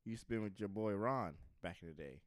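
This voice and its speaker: A man co-hosting a casual comedy podcast, talking in a slangy way and laughing often as he pitches sketch ideas. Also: quick pace, no echo. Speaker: podcast co-host.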